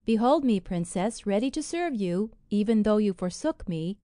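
A woman's voice: mid-range voice, lively intonation, moderate pace, dark tone, no room sound, clean studio sound, close to an everyday voice. A woman reading a storybook and voicing a young fairy prince who speaks coolly and with reproach. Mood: cold. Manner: cool, reproachful.

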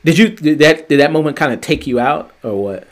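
A man co-hosting a casual review podcast, rambling and excitable, swearing casually. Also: a little high, brisk. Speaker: podcast co-host.

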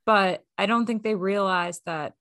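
Casting note: upbeat woman podcast host, mid-pitched, close dry mic, casual recap chatter. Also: a little slow, fairly bright tone, no echo. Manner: chatty, upbeat, lots of fillers.

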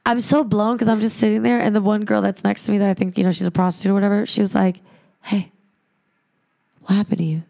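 A woman telling a wild personal story on a podcast, profane and animated, acting out the other people in it. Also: medium pitch, very fast, gravelly, hardly any pauses. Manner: animated, profane, acts out quoted voices. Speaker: podcast guest. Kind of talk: casual storytelling chat.

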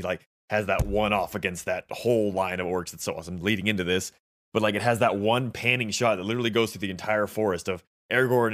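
A man with a fairly low voice talks quickly, piling one thought onto the next in an easygoing chat about movies. He sounds eager and a little rambling, with plenty of fillers between his points. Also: fairly bright tone. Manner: enthusiastic, rambling with many fillers. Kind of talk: casual film discussion.

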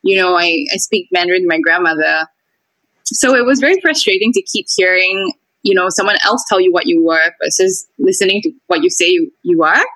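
Bright-voiced Singaporean woman, lively storyteller. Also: on the low side, fairly quick, no room sound, rough recording. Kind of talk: casual conversation.

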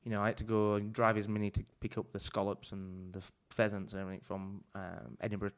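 A man's voice: on the low side, monotone, fast talker, clear, resonant tone. A man in his forties from England, chatting casually and telling rambling, sweary stories with frequent laughs. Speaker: chef guest. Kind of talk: casual chat.

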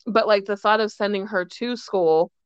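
A woman in her thirties, a mother and podcast co-host, talking casually and chattily with many fillers and quick asides. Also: medium pitch, clean tone, no room sound. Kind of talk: casual chat. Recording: dry, dull lo-fi sound.

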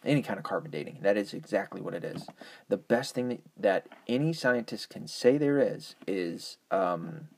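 Male host, deep-ish and breathy, swears freely, argues and drifts off topic. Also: lively intonation, normal speed. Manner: profane, rambling, argumentative. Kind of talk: casual ranting monologue.

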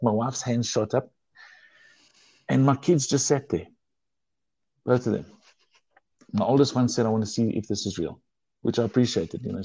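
A man's voice: fairly low pitch, dark tone, husky, no room sound. A man telling his personal testimony in an earnest, emotional way, often restarting his sentences. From South Africa.

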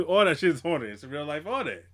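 A man's voice: a little high, big pitch swings, fairly quick, a bit bright. A man co-hosting a hip hop podcast, chatting casually with loose, profane, laughing banter. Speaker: podcast co-host.

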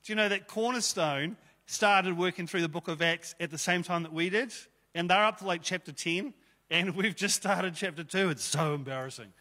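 A man's voice: high voice, normal speed, pushed and bright. A man, preaching a casual, jokey sermon as pastor into a stage microphone in a church hall. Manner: chatty, jokey, conversational preaching.

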